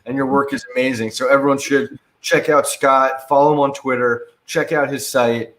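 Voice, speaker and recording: A man's voice: mid-range voice, fairly even intonation, normal speed, a bit bright. A man hosting a casual interview over a video call, upbeat and affirming, reading out audience questions. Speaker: host and moderator.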